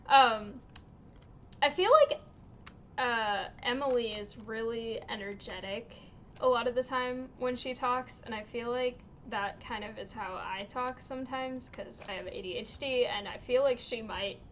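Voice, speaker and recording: A woman livestreaming a game, chatting casually in an unhurried way, with lots of little laughs and ums. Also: on the high side, steady tone, slight background noise. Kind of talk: casual chat while streaming a game.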